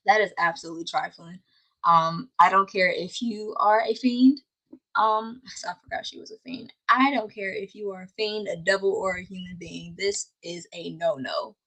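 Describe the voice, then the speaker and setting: A woman's voice: mid-range voice, normal speed, bright, forceful tone, low-quality recording. A woman hosting a casual anime recap, laughing often and playfully scolding the characters. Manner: exasperated, scolding asides.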